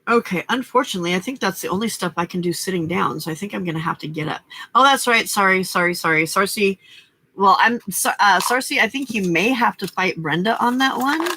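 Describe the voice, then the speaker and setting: A woman's voice: mid-range voice, lively intonation, fast talker, bright, forceful tone, slight background noise. A middle-aged woman hosting a late-night crafting livestream from home, chatting casually and talking to her cats and viewers between stories.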